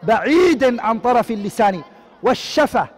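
A man teaches a tajweed lesson with a very high voice and a brisk pace. He rattles off Arabic terms, explains them in English, and keeps asking questions that he then answers himself. His voice rings with a long reverb. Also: lively intonation. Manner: quizzing, asks and answers his own questions. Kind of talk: online lesson.

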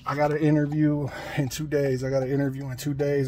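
A man's voice: on the high side, flat delivery, fast talker, few pauses, dark tone. A man, a delivery driver, venting to his phone camera about his job, out of breath, frustrated and swearing as he talks. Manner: frustrated, ranting, swearing, repeats himself. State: out of breath and sweaty. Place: in a delivery van.

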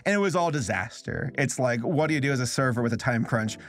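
A man's voice: mid-range voice, animated, quick pace. American male reviewer, casual rambling commentary, mid-range voice. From United States. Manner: loose, joking, rambling with fillers. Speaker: online film reviewer.

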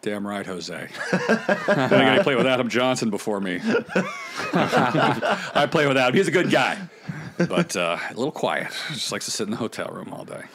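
Casting note: middle-aged man, animated storyteller, mid-range voice, laughs a lot. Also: mid-range voice, normal speed, pauses often, slight background noise. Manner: animated, laughs often, acts out other people's lines. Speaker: podcast guest, former pro beach volleyball player. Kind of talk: casual storytelling.

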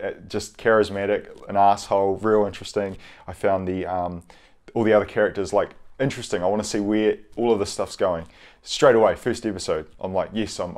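A young man giving a casual, rambling review, hesitant and low-key, with frequent pauses and restarts. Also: a little mellow. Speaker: video reviewer.

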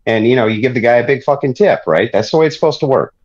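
A man's voice: medium pitch, animated, racing, highs cut off. A man from Ireland hosting a podcast, ranting and joking in a profane, exasperated, mocking way. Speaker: show host.

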